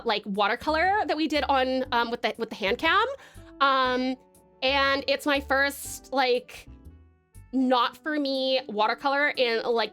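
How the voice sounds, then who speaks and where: Bubbly high-voiced Australian woman streamer. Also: sharp tone. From Tasmania, Australia. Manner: bubbly and gushing, many fillers and restarts. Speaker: livestreamer. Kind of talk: casual live-stream chat with viewers.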